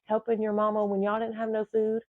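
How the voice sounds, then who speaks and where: Brief: woman doing a cool, unbothered young boyfriend, slightly lower, slow, dry sound. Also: completely flat delivery, no echo, narrow, tinny audio, close to an everyday voice. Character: calm young male boyfriend, smooth talker.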